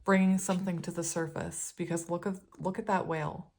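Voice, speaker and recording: In a fairly low, somewhat dark voice with flat intonation, a woman talks fairly quickly through a relaxed tarot reading for her viewers. She rambles, corrects herself often, uses many ums, and giggles again and again.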